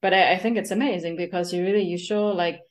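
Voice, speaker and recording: Animated woman hosting a podcast. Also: on the low side, fast. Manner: expressive, animated, many restarts. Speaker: podcast host. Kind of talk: conversational interview.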